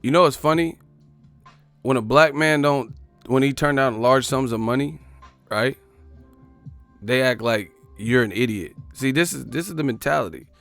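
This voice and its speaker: A man's voice: medium pitch, moderate pace, long pauses, a bit bright, soft background music. A man hosting a live boxing talk stream in a casual, profane, riffing style, telling stories animatedly.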